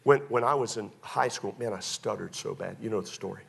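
A male pastor preaching a sermon through personal stories, swinging between loud excited bursts and hushed confessions. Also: fairly low pitch, fairly quick, gravelly, husky.

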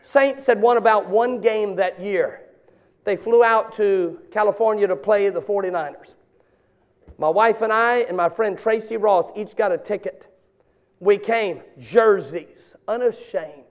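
A man, preaching a sermon with shouted bursts and joking asides. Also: sits high, measured pace. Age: 50s.

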